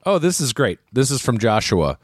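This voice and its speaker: A man's voice: mid-range voice, sing-song, moderate pace, no room sound. Guy on a podcast reading fan emails, jokey, voice bounces around a lot, dry close sound. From Los Angeles area. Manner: jokey, reads emails aloud with bursts of laughter. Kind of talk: casual remote podcast chat.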